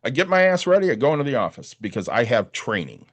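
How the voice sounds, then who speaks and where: A man's voice: medium pitch, quick pace. A man co-hosting a podcast, telling a long story in a casual, profane way and acting out the other people's lines. He sounds worn out after a short night's sleep. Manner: profane, animated storytelling with quoted dialogue. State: tired from little sleep. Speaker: podcast co-host. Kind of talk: casual chat.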